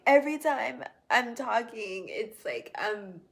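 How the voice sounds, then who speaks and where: A woman's voice: medium pitch, a bit bright. A young woman talking in a personal video journal, reflective and heartfelt, chatting casually to her viewers with many fillers. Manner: slow, reflective and heartfelt, addresses viewers as y'all.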